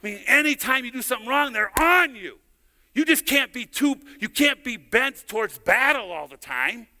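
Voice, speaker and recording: Animated and at a moderate pace, a middle-aged pastor with a very high, sharp voice preaches in a church sanctuary. His storytelling is conversational, with words often repeated, and a long hall reverb fills the recording.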